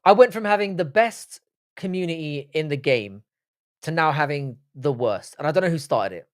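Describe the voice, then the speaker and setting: A man's voice: on the high side, animated, moderate pace, no echo, studio quality. Sweary man hosting a live stream. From Britain. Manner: joking, sweary banter with chat. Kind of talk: casual live-stream chat reading viewer comments.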